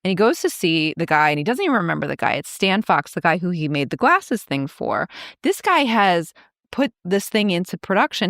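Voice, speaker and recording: Animated woman retelling a film. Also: lowish voice, no echo, studio quality. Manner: animated, laughing, acts out characters' lines. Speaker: podcast co-host. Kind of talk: casual chat retelling a film plot.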